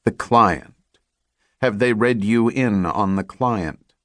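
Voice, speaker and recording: A man's voice: lowish voice, no echo, clean studio sound. Man playing a boozy, slurring spy middleman. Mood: pressing. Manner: slow, soft, stressing every word. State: slurring from drink. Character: weary, gin-drinking male intelligence middleman. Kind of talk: audiobook character voice.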